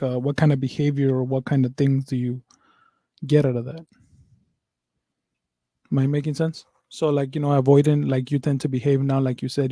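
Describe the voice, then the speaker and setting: Give me a man with a warm, monotone voice asking rambling questions in a casual podcast chat. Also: mid-range voice, dry recording. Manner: asks rambling questions with many restarts. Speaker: podcast co-host. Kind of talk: casual conversation.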